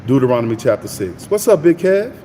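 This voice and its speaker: A man's voice: mid-range voice, a little fast, long reverb tail, slight background noise. A middle-aged man, hosting a morning Bible reading stream in a casual, folksy preaching style and greeting his viewers by name. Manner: folksy, animated, talks to his chat by name.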